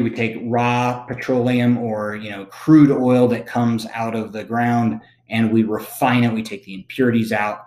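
A man's voice: mid-range voice, darkish tone. Casual man teaching, echoey room. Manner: casual, conversational explaining with frequent "okay?" check-ins. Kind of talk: recorded classroom lecture.

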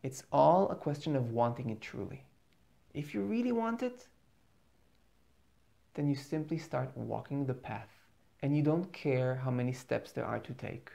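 A man's voice: mid-range voice, animated, unhurried, vocal fry, long pauses, warm tone. A man giving an earnest motivational spiritual talk as a teacher, repeating words for emphasis.

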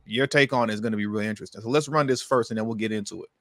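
A man's voice: lowish voice, racing, fairly bright tone, no echo, clean studio sound. A man co-hosting a casual podcast, asking slangy, incredulous questions and laughing often. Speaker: podcast co-host.

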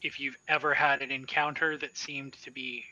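A trapped Minotaur, voiced by a man running the game, speaks calmly and ominously in slow, weighty statements. The tone is sharp and tense, bright at the edges. It is a tabletop horror game, and the voice sounds like a patient warning. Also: medium pitch, no room sound, rough recording. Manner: measured, solemn pronouncements. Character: captive male Minotaur-like creature, calm and ominous. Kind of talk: tabletop role-play voicing.

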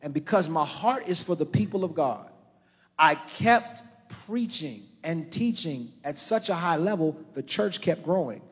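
Man, pastor, sermon, high voice, rises from hushed to shouting, talks to the congregation, long church hall reverb. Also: lively intonation, measured pace, husky. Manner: impassioned preaching that swings from hushed to shouting; calls on the congregation directly.

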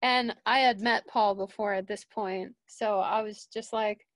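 A young woman and studio manager telling a casual story, full of fillers and restarts, jumping higher when she quotes people. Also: steady tone, measured pace, no echo.

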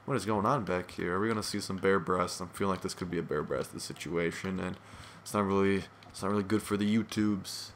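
A man's voice: deep voice, steady tone, brisk, slight background noise. A man giving casual gameplay commentary, rambling, swearing and self-deprecating, sounding tired and yawning.

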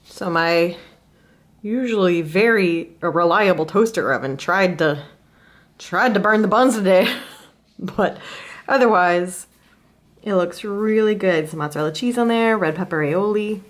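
A woman in her thirties chats casually at home for her weekly vlog, speaking at medium pitch with a slightly mellow tone. She laughs often and talks to her dogs along the way.

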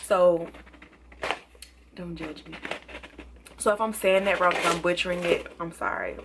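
A woman's voice: on the low side, steady tone, measured pace, background noise. Chatty country-accented woman vlogger. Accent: Southern US. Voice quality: chatty, says y'all a lot. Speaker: beauty vlogger. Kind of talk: casual product review.

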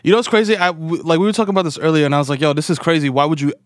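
A New man in his thirties rattles off stories in quick, slang-heavy casual chat. His voice sits a bit high and moves at a brisk clip. The studio sound is dry and close. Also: no echo. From New York. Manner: rapid, slangy storytelling with frequent "you know what I'm saying". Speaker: podcast co-host.

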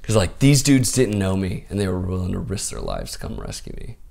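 A man's voice: low-pitched, wildly swooping pitch, a little fast, gravelly, darkish tone, a little hiss or hum. A man from the United States, a podcast guest telling stories in a laid-back way, full of "like" and "dude.". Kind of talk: casual storytelling.

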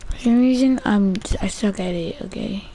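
A woman's voice: mid-range voice, normal speed, warm tone, a little hiss or hum. A woman gamer giving casual gameplay commentary, frustrated and swearing often, with "bruh" in nearly every sentence.

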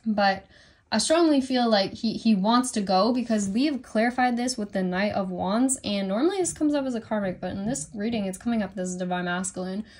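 A woman's voice: mid-range voice, a little fast, darkish tone. A young woman giving a casual tarot reading at home, rambling through many fillers and apologizing for her slips. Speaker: tarot reader.

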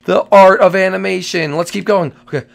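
An excitable man hosts a Minecraft role-play comedy, exclaiming and repeating his lines. His voice is a bit high with a rough, gravelly fry. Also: brisk. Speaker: channel host and Minecraft role-play player.

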